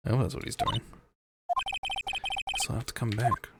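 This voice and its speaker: A streamer with a creaky voice, talking at normal speed, chats and rambles animatedly while playing a video game, with frequent restarts. He or she keeps breaking into squeaky impressions as video game music plays in the background.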